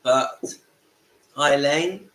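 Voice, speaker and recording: A man with a croaky voice from a cold, hosting a casual livestream from home and greeting viewers by name. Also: on the high side, takes it slowly, fairly bright tone. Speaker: livestream host. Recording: echoey room with faint ambience.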